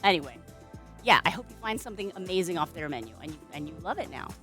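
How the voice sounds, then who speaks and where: A woman's voice: lowish voice, very animated, fast, sharp tone, faint music behind. A young adult woman streaming live at home, chatting casually with a playful, sing-song manner. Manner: playful, sing-song baby talk to her cat. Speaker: streamer and balloon artist.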